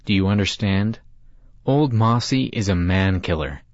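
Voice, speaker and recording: A firm, intense father figure, a middle-aged logger who is protective of his son, as a male storyteller voices him. His voice sits low, on a dull, dry, lo-fi recording. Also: measured pace, no room sound. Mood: stern.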